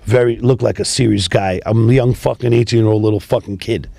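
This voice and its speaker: Gravelly New man telling street stories. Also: lowish voice, fairly quick, no room sound. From New York City. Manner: profane, animated street storytelling. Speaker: tow business founder, guest. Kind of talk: casual storytelling interview.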